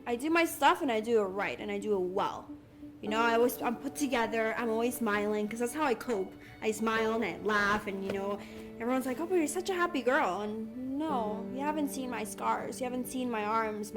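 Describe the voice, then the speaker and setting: Earnest young woman, halting speech. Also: fairly high pitch. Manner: earnest, halting, with many fillers and restarts. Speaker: interviewee sharing her story. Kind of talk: candid personal testimony. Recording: music bed under the voice.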